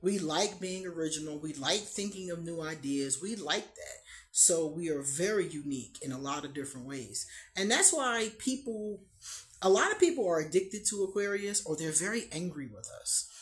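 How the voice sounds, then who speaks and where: Woman host, casual talk, animated pitch, frequent laughs. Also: moderate pace. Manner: laughs often, animated storytelling. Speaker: astrology channel host. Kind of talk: casual chat to camera.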